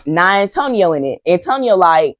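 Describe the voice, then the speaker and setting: At normal speed and in a sing-song, lowish voice, a young woman delivers a chatty, gossipy reality-TV recap to her y'all viewers, acting out quotes along the way. Background noise is audible.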